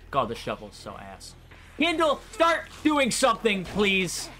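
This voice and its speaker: Swearing, lively-voiced man playing a game. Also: high voice, unhurried. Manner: frustrated, swears a lot, talks to the game. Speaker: gameplay streamer. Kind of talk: casual gameplay commentary.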